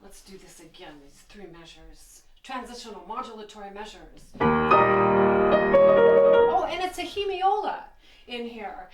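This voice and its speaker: A woman's voice: mid-range voice, lively intonation, a little slow, pauses often. A woman piano teacher explaining a piece as she plays, enthusiastic, counting beats and singing phrases aloud. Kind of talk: teaching while playing piano. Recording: roomy, mic at a distance. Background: piano playing.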